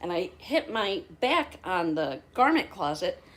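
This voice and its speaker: Lowish-voiced woman host from outside Philadelphia, casual and animated storyteller. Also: measured pace. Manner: animated, acts out the dialogue. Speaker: flight attendant and channel host.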